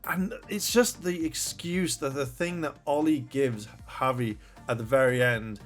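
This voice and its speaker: A man's voice: medium pitch, a little slow, faint music behind. A man casually reviewing a TV episode, rambling through the plot and swearing when he gets annoyed.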